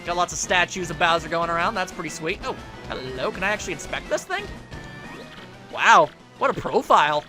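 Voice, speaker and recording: A man's voice: high voice, animated, brisk, over music. A man giving casual, joking commentary while playing a video game, rambling playfully. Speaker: let's play commentator.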